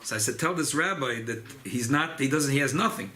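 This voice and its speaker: Animated rabbi teaching a lively class. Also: male voice, brisk. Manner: animated, rising pitch on emphasis, Yiddish and Hebrew terms mixed in. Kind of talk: informal Torah class.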